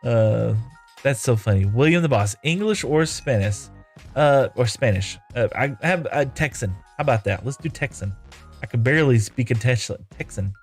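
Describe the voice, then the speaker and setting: A man talks casually through a live stream as he builds, reading viewers' comments aloud and thanking them. His pitch moves up and down a lot. Faint music plays underneath. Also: animated, normal speed. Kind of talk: casual live-stream chat while playing.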